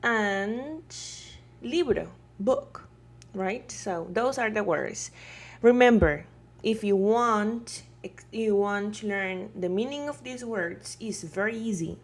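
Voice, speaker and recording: A woman with a Colombian Spanish accent teaches a beginner lesson at an unhurried pace. Her voice has a gravelly edge, and she keeps checking in with her students. She stays patient and repeats words so they can follow. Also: medium pitch, expressive. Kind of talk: slow explanatory lesson.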